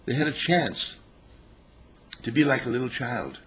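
A man giving an informal sermon on a spiritual path, telling stories with animated chuckles. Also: mid-range voice, a little slow, slightly rough. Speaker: spiritual teacher.

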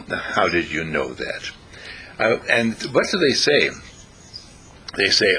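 Brief: male storyteller, very husky voice, bright and forceful, swings all over his pitch while acting out quotes. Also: lively intonation, unhurried, long pauses. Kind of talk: casual advice monologue.

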